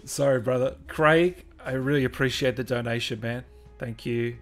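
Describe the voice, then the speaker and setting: A man's voice: medium pitch, fairly even intonation, normal speed, faint music behind. A man hosting a livestream, upbeat and chatty, thanking viewers by name. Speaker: host. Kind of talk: livestream chat.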